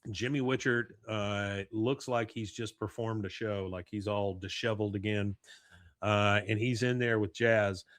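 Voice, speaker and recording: A man hosting a podcast, casually recapping an episode in an animated way and often chuckling. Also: lowish voice, measured pace, no room sound. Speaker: podcast host.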